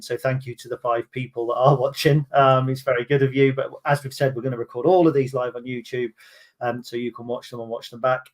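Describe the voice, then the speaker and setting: A chatty man hosts a casual football podcast in a voice of middling pitch. He talks in a loose, self-mocking way and drops in plenty of ums between points. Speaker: podcast host.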